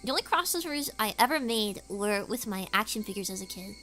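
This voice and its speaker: A woman's voice: medium pitch, lively intonation, a little fast, pushed and bright, soft background music. A woman streamer chatting casually, rambling through stories with lots of filler words. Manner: rambling, filler-heavy storytelling.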